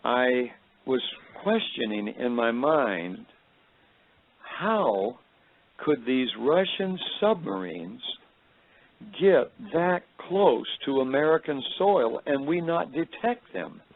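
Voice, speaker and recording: A man recounts a personal testimony in a gravelly, tired voice that sits deep tonight. He rambles and halts, filling gaps with hesitations. The sound is thin and phone-like, as if heard over a radio broadcast. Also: sing-song. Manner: rambling, halting storytelling with many fillers. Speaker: speaker recounting a vision.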